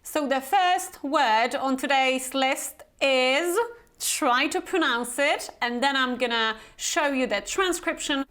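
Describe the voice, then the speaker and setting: Polish-accented woman trainer, careful pronunciation lesson, high voice, unhurried delivery. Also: a bit bright. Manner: slow, careful, repeats words for learners to copy. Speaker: Business English trainer.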